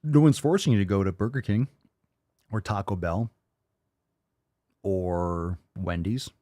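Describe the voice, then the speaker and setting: A man's voice: lowish voice, unhurried, dark tone, no room sound, studio quality. Blunt, mocking man reacting to a clip. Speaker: podcast host. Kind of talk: reaction commentary.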